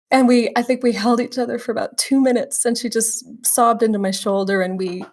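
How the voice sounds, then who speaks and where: A woman's voice: mid-range voice, a little fast, hardly any pauses. A woman from Canada, a stage actress, telling stories as an interview guest and now and then acting out the people she quotes. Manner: animated, breaks into quoted voices and laughter. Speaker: guest, musical theatre actress. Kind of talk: interview storytelling.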